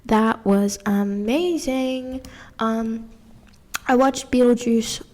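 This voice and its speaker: A woman's voice: a little high, fairly even intonation, extremely slow, a little mellow. A young woman hosting her own podcast, with a slightly British-sounding accent, chatting in a rambling, giggly way while she does a puzzle. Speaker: podcast host. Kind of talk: casual solo podcast chat.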